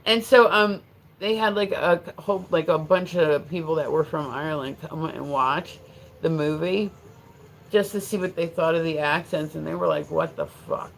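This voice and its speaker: A woman's voice: sits low, fairly even intonation, moderate pace, vocal fry, a little hiss or hum, low-quality recording. An American woman hosting a livestream, chatting casually and rambling with many restarts and fillers. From United States. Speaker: livestream host. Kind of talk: casual chat.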